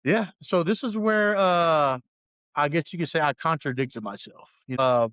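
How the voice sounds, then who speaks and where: A man's voice: fairly high pitch, moderate pace, fairly bright tone, clean tone, no echo, dull audio. A man as a podcast guest, earnestly telling a personal story in a rambling way full of restarts.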